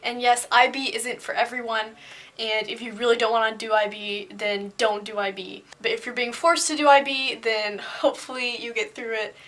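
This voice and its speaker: A woman's voice: fairly high pitch, fairly even intonation, normal speed, fairly bright tone. A young woman vlogging in a casual, candid way, full of fillers and asides. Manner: chatty, candid, many fillers like "like" and "um". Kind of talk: casual talking-head vlog.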